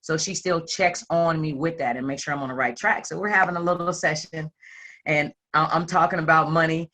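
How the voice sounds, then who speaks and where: A self-employed woman telling a group her personal story with animated, playful delivery and acted-out quotes. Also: low-pitched, fairly quick. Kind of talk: candid personal testimony to a group.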